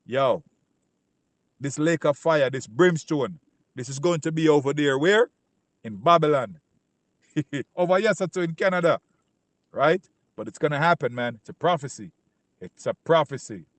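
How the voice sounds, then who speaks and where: A man in Canada teaches the Bible informally in a slightly high, expressive voice, with no echo. Scripture he reads slowly and loudly; otherwise he talks with emphasis, repeats points, and often adds "right?"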